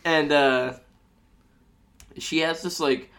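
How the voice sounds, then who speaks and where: A man's voice: on the high side, steady tone, slow, gravelly, fairly bright tone. A young man hosting a podcast, telling a crude story in a rambling way with lots of fillers. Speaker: podcast host. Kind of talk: casual podcast chat.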